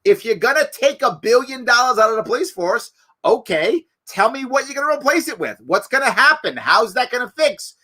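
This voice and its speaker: A middle-aged man hosting a live political talk show, giving animated, emphatic commentary full of rhetorical questions. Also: very high voice, fairly quick. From New York.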